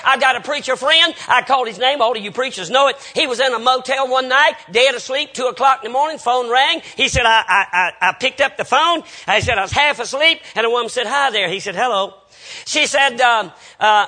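A man's voice: very high voice, brisk, bright, forceful tone. A Baptist preacher man, telling folksy anecdotes with quoted dialogue in a storytelling sermon.

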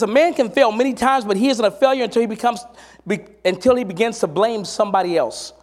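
High-voiced man preaching a sermon. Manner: storytelling, rising to emphatic exhortation. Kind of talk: sermon with personal stories.

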